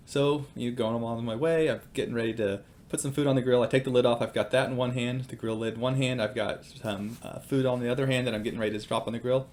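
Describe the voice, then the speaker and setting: A man's voice: mid-range voice, fairly even intonation, fast, few pauses, a little mellow, slight background noise. A man in his thirties giving a casual devotional talk, telling stories about his children in a conversational way with fillers. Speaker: Christian speaker.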